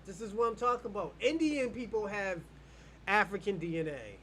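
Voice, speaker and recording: A man's voice: high-pitched, expressive, normal speed, pushed and bright, a little hiss or hum. An American man hosting an online show, arguing bluntly and profanely in a heated live debate. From United States.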